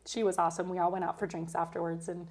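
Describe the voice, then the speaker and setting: A woman's voice: on the low side, level tone, fast. A woman in her thirties, a nurse and podcast guest, telling candid stories from intensive care in a casual chat. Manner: candid storytelling, emotional at times.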